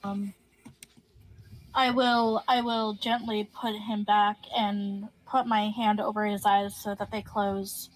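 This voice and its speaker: A woman taking part in a tabletop game as a player, speaking slowly and deliberately. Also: medium pitch, level tone, a little hiss or hum, poor audio.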